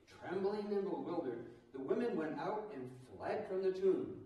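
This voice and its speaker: A middle-aged man preaching an Easter sermon in a church, animated, with asides to the congregation. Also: sits high, moderate pace, hardly any pauses. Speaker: pastor. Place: church sanctuary. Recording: echoey church hall, mic at a distance.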